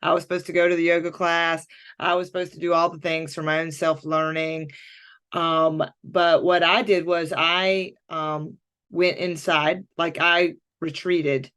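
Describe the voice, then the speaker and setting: A woman coach telling a personal story in candid conversation, acting out her own thoughts as she goes. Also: fairly low pitch. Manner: animated, acts out her own inner voice. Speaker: podcast guest, coach.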